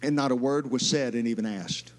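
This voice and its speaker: A middle-aged man, a pastor, preaching a sermon in a church, telling stories in an emphatic, animated way. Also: mid-range voice, brisk, in a large hall. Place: church sanctuary.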